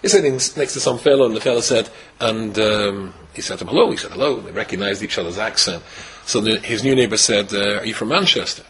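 Animated older Scottish rabbi telling a story. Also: male voice, on the low side, fast, rough recording. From Scotland. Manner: animated storyteller, wry humor, swings from hushed to exclaiming. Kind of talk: personal story told to a host.

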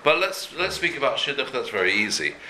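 A man's voice: mid-range voice, sing-song, fairly quick, pushed and bright, slight background noise. A man teaching a daily Jewish law class in an earnest, conversational way, repeating and rephrasing each point as he explains it. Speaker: Torah teacher. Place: room before a talk.

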